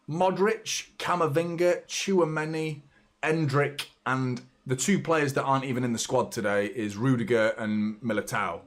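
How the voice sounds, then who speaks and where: Give me an excitable man commentating live on a football match for his fans, casual and profane. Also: lowish voice. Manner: excitable, swears freely, fan banter. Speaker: football watchalong host.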